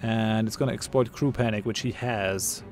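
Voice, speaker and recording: Gravelly man thinking aloud through a game. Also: fairly low pitch, fairly even intonation, moderate pace, faint music behind. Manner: thinks aloud, mutters, laughs at his own jokes. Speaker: gamer playing a ship combat game. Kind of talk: casual gameplay commentary.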